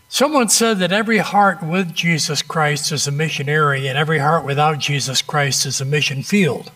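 A man preaching a sermon, telling an illustrative story with dramatic pauses and a conversational, direct manner. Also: on the high side, bright, forceful tone.

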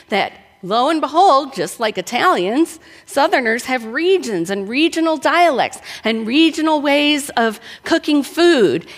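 A woman's voice: sits high, a bit bright. Woman preaching in a reverberant hall. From northern United States. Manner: conversational preaching with rhetorical questions. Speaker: pastor. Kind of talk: sermon. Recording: long reverb of a large room.

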